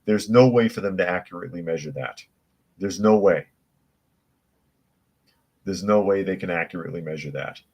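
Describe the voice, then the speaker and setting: A man with a low voice hosts a live news podcast in a relaxed, conversational way. He reads articles and chat messages aloud, then pushes back with blunt, scoffing opinions. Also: normal speed, long pauses, slightly rough, highs cut off. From United States. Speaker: podcast host reading news and chat comments. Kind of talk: casual live news commentary.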